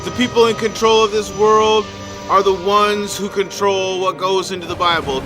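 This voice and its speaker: A high-voiced man chats casually on a gaming stream, rambling in an animated way and swearing freely. Video game music plays clearly behind his voice. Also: moderate pace. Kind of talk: casual livestream chat while gaming.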